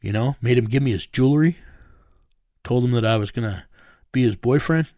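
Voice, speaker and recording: A man being interviewed, recounting a raid in low, measured storytelling that sinks to a menacing hush. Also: no echo, studio quality. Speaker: interview guest.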